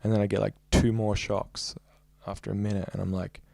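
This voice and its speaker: A man's voice: on the low side, flat delivery, a little fast, gravelly, mellow, no room sound. A man, a young adult musician, recounting a story in a casual interview with a rambling, filler-heavy way of talking. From Australia. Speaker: musician guest.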